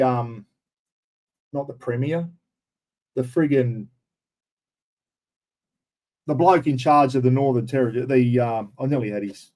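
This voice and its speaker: A man's voice: mid-range voice, a little mellow. A middle-aged man with an Australian accent ranting bluntly and swearing freely while hosting a livestream. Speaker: livestream host. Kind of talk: livestream political rant.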